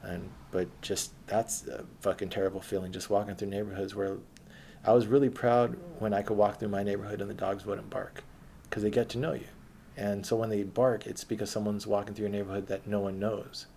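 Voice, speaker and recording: A young man tells a story from his own life in a loose, rambling way, swearing as he goes. His voice sits low, with a gravelly fry. A faint hiss runs underneath. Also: flat delivery, brisk, warm tone. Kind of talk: casual autobiographical storytelling.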